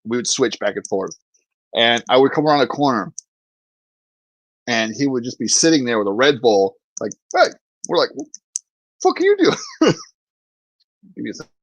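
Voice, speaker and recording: A man's voice: medium pitch, normal speed, pauses often, no echo, dull audio. A man hosting a podcast, chatting loosely and laughing as he tells a story with lots of fillers. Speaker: podcast host. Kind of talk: casual chat.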